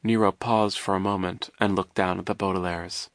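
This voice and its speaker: A man narrating an audiobook in a wry, measured storytelling manner. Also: low voice, flat delivery, no echo, clean studio sound.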